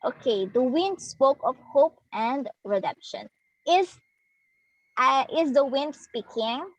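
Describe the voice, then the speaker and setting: A woman's voice: sits high, expressive, slow pace, no room sound, rough recording. A young woman giving a demo lesson, explaining step by step and acting out sounds as examples. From Philippines. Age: young adult. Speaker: student teacher. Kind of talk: demo lesson on figures of speech.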